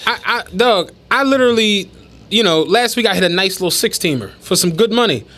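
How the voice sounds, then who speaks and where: A man, co-hosting a podcast and telling animated, profane stories in casual chat. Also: high-pitched, a little fast. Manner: animated storytelling, heavy slang and profanity. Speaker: podcast co-host.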